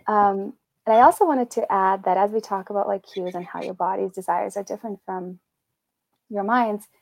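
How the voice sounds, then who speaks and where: A woman's voice: mid-range voice, vocal fry, a little mellow, dry recording, rough recording. A woman co-hosting a podcast, talking in a candid, reflective way and laughing lightly between thoughts. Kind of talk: casual podcast conversation.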